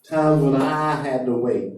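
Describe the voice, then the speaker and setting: A man's voice: mid-range voice, measured pace, darkish tone, far from the mic, a little hiss or hum. A man preaching a sermon, speaking emphatically and putting questions to his congregation, in a church hall. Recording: echoey hall heard from afar.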